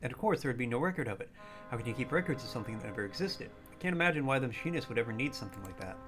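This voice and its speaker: Man voicing a soft-spoken woman librarian, prim, sugary, guarded, middling pitch, hushed, faint music behind. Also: lively intonation, rapid-fire, lightly acted. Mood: coy. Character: sweet-voiced middle-aged woman librarian, evasive.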